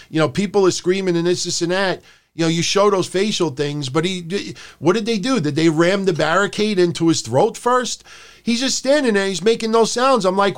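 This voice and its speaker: Profane, animated podcast host man. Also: high-pitched, smooth. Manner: profane, animated, acts out rants in a raised voice. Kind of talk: casual wrestling talk.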